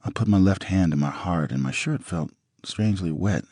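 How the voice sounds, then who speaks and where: A man's voice: low voice, moderate pace, mellow, breathy edge, dry recording, clean studio sound. A man narrating a crime story in the first person, blunt and profane. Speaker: audiobook narrator. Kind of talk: first-person book reading.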